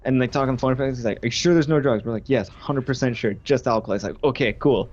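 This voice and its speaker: A man's voice: medium pitch, fast, darkish tone, highs cut off. A young man casually telling a long funny story, rambling with lots of fillers and acting out his friends' lines. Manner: rambling, laughing, acts out quoted friends. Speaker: stream co-host.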